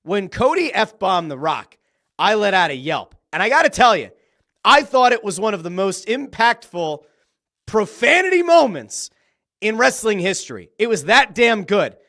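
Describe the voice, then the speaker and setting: A man hosting a solo wrestling podcast, telling the story with excitement and casual swearing. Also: sits high, normal speed. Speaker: podcast host.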